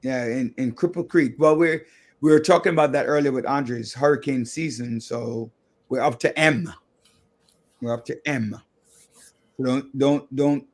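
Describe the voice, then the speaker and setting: A man's voice: mid-range voice, moderate pace. A man hosting a radio talk show in a studio, chatting casually and airing his opinions as he thinks aloud.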